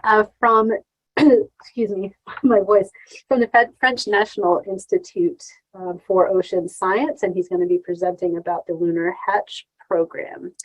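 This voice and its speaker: Female moderator on a video call, mid-pitched, brisk and friendly. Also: fairly even intonation, lo-fi sound. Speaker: workshop moderator. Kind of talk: online event moderation.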